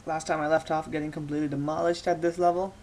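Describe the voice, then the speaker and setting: A woman commenting on her gameplay in a joking manner, with loud exclamations. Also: deep voice, level tone, fast, slight background noise. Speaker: let's play commentator.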